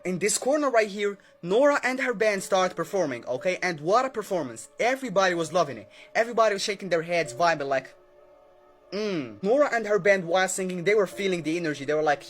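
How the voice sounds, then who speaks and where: Chatty high-voiced man telling a horror story. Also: animated, a little fast, faint music behind. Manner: chatty, keeps adding "okay?" and acting out the dialogue.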